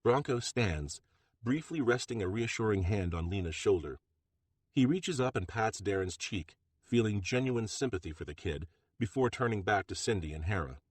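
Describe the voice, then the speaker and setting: Male audiobook narrator, low voice, dry close studio sound, steady delivery. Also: no echo. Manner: steady, measured storytelling. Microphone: close studio mic.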